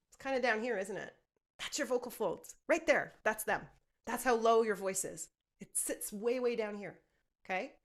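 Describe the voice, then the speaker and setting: A woman's voice: mid-range voice, bright, forceful tone. A woman voice teacher leading a group singing lesson, explaining technique and often checking in with "okay?". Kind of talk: singing lesson with sung demonstrations.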